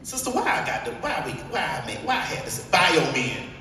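A woman's voice: lowish voice, wildly swooping pitch, fairly quick, noisy background. A woman speaking on a conference stage in a bold, bawdy, confiding way, telling her business to the room. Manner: bold, bawdy and confiding, with big swings to loud. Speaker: guest speaker. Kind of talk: candid, comic stage conversation. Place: large conference hall stage. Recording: echoey hall, voice far from mic, music.

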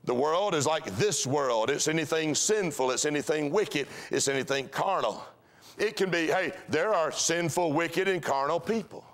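In a church sanctuary, a pastor delivers a folksy, story-driven sermon full of repeated rhythmic phrases. His voice is a little high and a bit bright, and he speaks at a normal speed.

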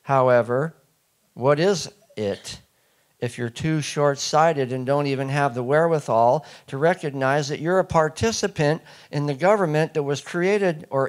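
A man giving a public talk, emphatic and quizzing the audience with questions. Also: on the high side. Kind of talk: public lecture to a live audience.

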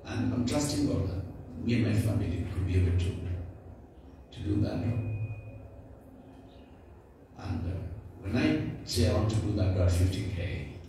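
A man's voice: on the low side, very animated, measured pace, pauses often. A man with a Kenyan accent giving a church testimony, urging the congregation and calling for their responses. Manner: exhorting, call-and-response with the congregation. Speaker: church speaker, not a preacher. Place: church building. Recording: echoey church from a distance with background noise.

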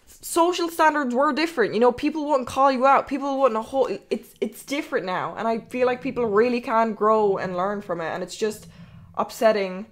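A young woman with an Irish accent talks to her stream in a loose, rambling way. Her voice sits a little high and she swears freely as she tells her stories. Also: moderate pace. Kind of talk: casual stream chat.

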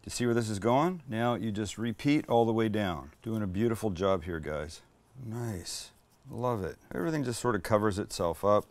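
A man's voice: fairly low pitch, moderate pace, no room sound. A middle-aged man hosting a casual cooking demo, chatty and teasing as he cooks. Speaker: cooking show host.

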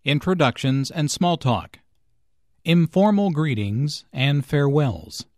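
A man narrating a scripted English lesson, explaining each point slowly and deliberately. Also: on the high side, lively intonation, dry recording, clean studio sound. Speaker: English teacher.

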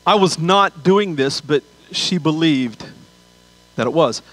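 A man's voice: fairly high pitch, expressive, takes it slowly, fairly bright tone, rough recording. A man preaching a sermon as pastor, telling a funny story with asides before turning to scripture.

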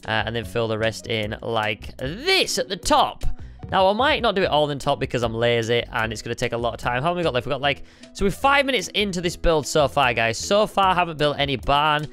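A man's voice: medium pitch, big pitch swings, a little fast, fairly bright tone, soft background music. A young man, talking viewers through building in a video game in a chatty, upbeat way. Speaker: gaming video host. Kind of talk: game commentary.

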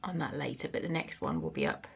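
A woman's voice: extremely low pitch, wildly swooping pitch, fast, gravelly, husky. A young woman and mum chatting frankly in a home vlog, casual, sometimes swearing and a little out of breath. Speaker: vlogger and mum. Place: family house indoors.

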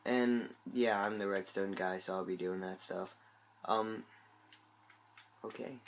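A man's voice: low voice, fairly even intonation, takes it slowly. A man who is sick, giving rambling, hesitant gameplay commentary into a phone mic. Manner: rambling, hesitant, many fillers. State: sick, congested voice. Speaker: gameplay channel host. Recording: guitar music playing behind. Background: guitar music.

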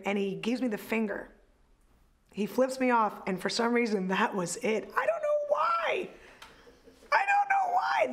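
A woman, a stand-up comedian, recalling a story in an interview, acting out a loud caller and laughing. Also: on the high side. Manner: lively, acts out a caller, bursts of laughter. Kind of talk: anecdote in a documentary interview.

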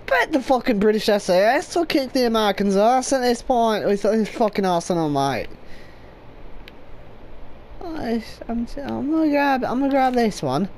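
A woman narrating gameplay in a loud, swearing, laughing manner. Her voice sits high and swings widely in pitch, while her pace stays unhurried. A faint noise runs under the recording. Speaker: gaming video creator. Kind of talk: profane gameplay commentary.

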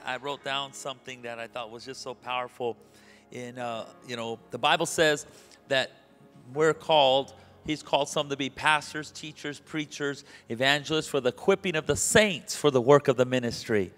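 A man's voice: mid-range voice, a bit bright. A male pastor preaching with energy, leading the congregation in call and response and reading scripture. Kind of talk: sermon. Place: church sanctuary. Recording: live church recording with long reverb.

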